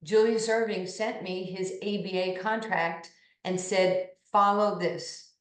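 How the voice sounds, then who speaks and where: A woman in her sixties from New York, telling animated stories in an interview and acting out what people said. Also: medium pitch, measured pace. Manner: animated anecdotes, acting out quoted voices. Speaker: interview guest, basketball pioneer. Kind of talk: storytelling interview. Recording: echoey room.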